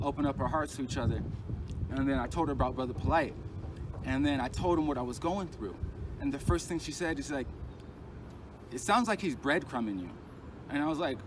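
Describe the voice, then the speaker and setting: A man tells a rough personal story in a casual, halting way, stumbling over restarts and circling back on his own phrases. His voice sits a little high for a man. Loud street traffic runs behind him outdoors. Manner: halting and agitated, many restarts and repeated phrases. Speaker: storyteller recounting a personal ordeal.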